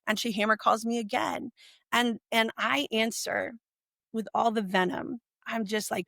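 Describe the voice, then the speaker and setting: This is a woman in her forties with a gravelly, creaky voice that sits a bit high. She speaks as a podcast guest, telling a personal story with animation and acting out other people's words. The recording is close and dry. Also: unhurried, no room sound. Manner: animated, acts out quoted speech.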